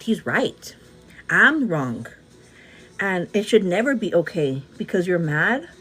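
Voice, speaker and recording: A woman's voice: medium pitch, breathy edge. Chatty woman calling everyone girl. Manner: chatty, says "girl" often, quick asides. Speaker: vlogger answering live chat. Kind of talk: casual chat while doing makeup.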